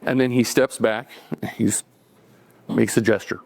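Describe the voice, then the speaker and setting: A middle-aged man telling a personal story to a live audience, relaxed and conversational, with chuckles and acted-out quotes. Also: medium pitch, measured pace, gravelly, no room sound.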